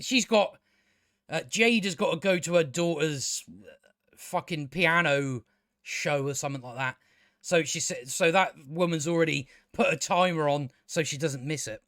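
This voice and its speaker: A man's voice: on the high side, a bit bright, no echo, studio quality. Exasperated man ranting a review. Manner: exasperated, ranting, swears freely. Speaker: show reviewer. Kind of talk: casual spoken review.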